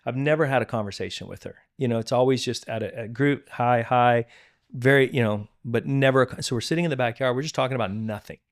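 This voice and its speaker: A man's voice: mid-range voice, quick pace, few pauses. Earnest middle-aged pastor telling his story. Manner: earnest storyteller, restarts and repeats words. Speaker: pastor and podcast guest. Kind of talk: candid testimony in conversation.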